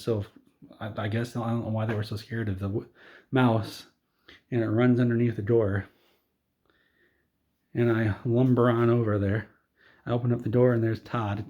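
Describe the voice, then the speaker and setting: A man telling an absurd comedic story in a rambling, deadpan way. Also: fairly low pitch.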